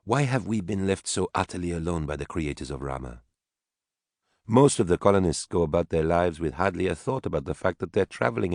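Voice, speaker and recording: In a storybook reading, an earnest, searching wife presses her husband with one question after another, as a man voices her in a raised voice. Her deep-set delivery stays dry and close, with no room around it. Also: darkish tone, no echo.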